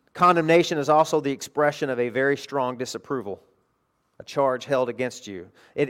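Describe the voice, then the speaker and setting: A middle-aged man preaching a sermon as pastor, emphatic and animated, dropping to quiet asides between bursts. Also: mid-range voice.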